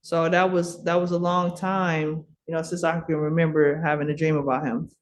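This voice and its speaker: A woman's voice: sits low, level tone, moderate pace, slight background noise. A middle-aged woman from Milwaukee, a podcast guest, telling her story in casual chat. She talks with lots of fillers and restarts and laughs often.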